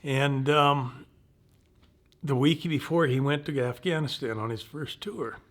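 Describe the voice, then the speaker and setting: A man in his seventies, a veteran, recounts his personal war stories in an interview. His medium-pitched voice is unhurried, halting and folksy.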